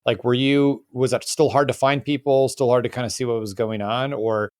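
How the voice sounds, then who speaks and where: A man's voice: mid-range voice, normal speed, no room sound, studio quality. A man hosting a podcast interview, asking long questions and acting out what the guest might have thought. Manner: animated questioner, acts out hypothetical quotes. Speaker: podcast host. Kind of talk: casual interview conversation.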